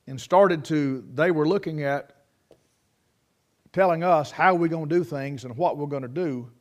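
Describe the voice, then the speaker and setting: A man's voice: mid-range voice, a little mellow. A man preaching a folksy sermon, telling homespun stories and sayings and often restarting his sentences. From United States. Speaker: pastor.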